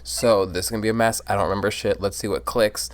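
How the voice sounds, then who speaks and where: A man's voice: fairly low pitch, fairly even intonation, quick pace. A drunk man casually rambling and giggling through a let's play, reading the game's lines aloud.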